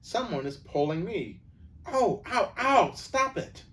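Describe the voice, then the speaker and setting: A man voicing a sensible elder schoolgirl in a storybook reading, high and earnest. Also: sing-song, a little slow. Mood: alarmed. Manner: high, upset then practical. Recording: distant mic, faint background noise.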